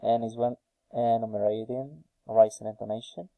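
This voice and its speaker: A man reading intonation drill sentences aloud slowly and carefully for a phonetics task, with a few hesitant fillers. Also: mid-range voice, gravelly, no room sound, narrow, tinny audio. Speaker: student recording a phonetics task.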